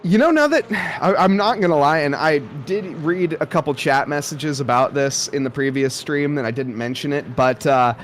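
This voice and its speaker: Rambling, jokey higher-voiced race commentator. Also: male voice, animated, normal speed, a little hiss or hum. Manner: rambling, jokey, self-aware asides. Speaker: sim racing commentator.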